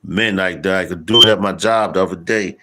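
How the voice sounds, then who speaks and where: A man preaching in a casual street style, slangy and profane, stopping to read scripture verses slowly with emphasis. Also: sits low, noisy background.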